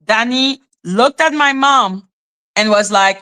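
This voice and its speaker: A woman's voice: a little high, takes it slowly, sharp tone. A woman hosting a livestream, talking in a heated, rambling way with many "like" fillers. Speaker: livestream host. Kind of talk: casual livestream rant.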